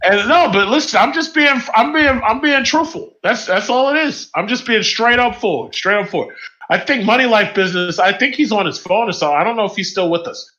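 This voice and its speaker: Man, blunt, emphatic, bright high voice, muffled voice chat. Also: animated, a little fast. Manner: blunt, emphatic, repeats himself. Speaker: voice chat participant. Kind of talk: casual group voice chat. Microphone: online voice chat mic.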